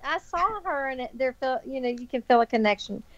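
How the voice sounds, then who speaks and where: A woman's voice: sits high, brisk, no echo, highs cut off. A woman with a Southern US accent telling stories expressively on a video call. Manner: expressive, laughing storyteller. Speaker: guest. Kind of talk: casual group chat.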